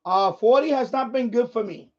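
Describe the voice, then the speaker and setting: A man's voice: very high voice, normal speed. A man hosting a ham radio live stream, talking viewers through a casual demonstration while he handles his gear, rambling and restarting his sentences. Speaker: ham radio livestream host. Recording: dull lo-fi stream audio.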